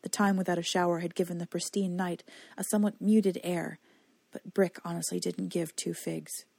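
Audiobook narrator, husky voice, dry close sound. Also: female voice, lowish voice, little pitch movement, normal speed, darkish tone, no room sound. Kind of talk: scripted narration.

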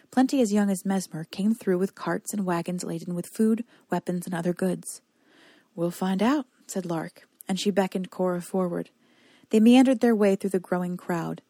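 A woman hosting a podcast, reading a fantasy novel aloud in a measured, even style. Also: on the low side, dry recording. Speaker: podcast host and narrator. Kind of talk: audiobook narration.

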